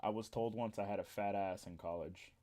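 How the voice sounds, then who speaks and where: A man's voice: fairly low pitch, fairly even intonation, a little fast, warm tone. A man streaming live, chatting casually with friends and his chat, crude and boastful, swearing a lot. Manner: talks to chat between jokes.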